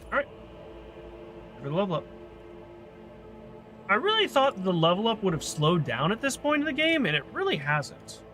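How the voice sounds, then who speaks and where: A man's voice: sits high, huge pitch swings, moderate pace, pauses often, bright, forceful tone, soft background music. A man streaming a video game, chatting and thinking aloud as he plays. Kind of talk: casual gameplay commentary.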